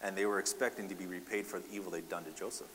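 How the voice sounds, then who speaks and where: A man's voice: sits low, fairly even intonation, rapid-fire, a bit bright, in a large hall, a little hiss or hum. A man preaching a sermon, asking the congregation rhetorical questions and often adding "right?". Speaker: pastor.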